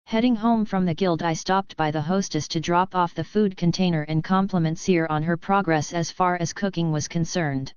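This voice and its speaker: Smooth lowish woman narrating a novel. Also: normal speed, few pauses, darkish tone, no room sound, lo-fi sound. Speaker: audiobook narrator. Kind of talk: scripted first-person narration.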